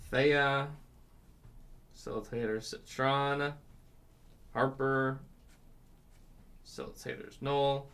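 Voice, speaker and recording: A man's voice: mid-range voice, little pitch movement, very slow, long pauses, a bit bright, slight background noise. A man hosting a live card break, listing player names and chatting with viewers about sports betting. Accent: North Carolina.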